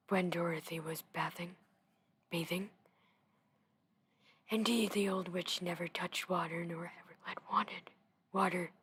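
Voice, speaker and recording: A young woman reading a storybook in a soft whisper into a close mic, with casual chatty asides. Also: on the low side, breathy edge. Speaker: gaming video host reading aloud.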